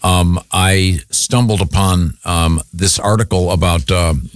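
A man's voice: low voice, steady tone, slow pace, no echo, clean studio sound. A man hosting a morning radio show, joking and rambling with restarts and laughs. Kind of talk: casual radio banter.

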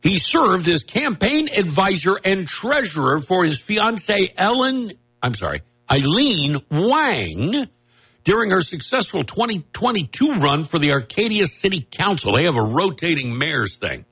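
A husky-voiced man talking through the news in a loose, rambling commentary. His pitch sits a little high and swings widely as he mocks and wisecracks. He breaks off for asides and laughs at his own jokes. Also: sing-song, a little slow, pushed and bright. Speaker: political commentary host. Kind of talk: casual political commentary monologue.

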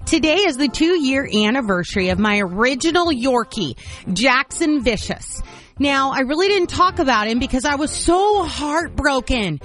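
A woman hosting a morning radio show, chatting casually and playfully with animated asides. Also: high voice, moderate pace, soft background music.

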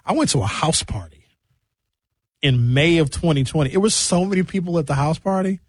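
A young man doing animated stand-up storytelling, acting out quotes and jumping his pitch up for punchlines. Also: a little fast, dry recording. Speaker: comedian.

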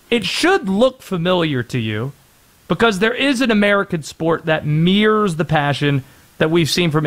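A man hosting a sports talk radio show, animated and joking, sometimes putting on silly voices. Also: sits high.

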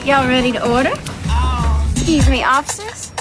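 Sweet drawling Southern belle. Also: female voice, high voice, animated, moderate pace. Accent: Southern US, put on. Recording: film clip with music behind.

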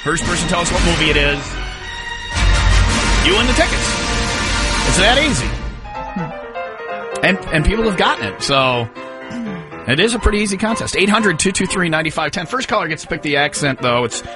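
A man's voice: high voice, a little fast, long pauses. A man hosting a morning radio show, joking and talking over his co-hosts in casual banter. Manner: joking, animated, talks over others. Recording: radio broadcast with music.

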